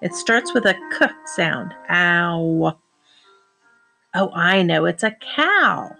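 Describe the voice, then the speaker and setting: Woman teacher, slow gravelly read-aloud voice, faint music underneath. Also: lowish voice, lively intonation, pushed and bright. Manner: slow, encouraging, sounds out words. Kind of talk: read-aloud lesson for young children.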